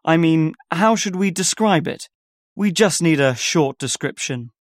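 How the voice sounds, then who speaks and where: A man's voice: a little high, expressive, unhurried, no room sound, clean studio sound. A man as an organizer in a scripted listening-test dialogue, repeating details back carefully. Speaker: workshop organizer.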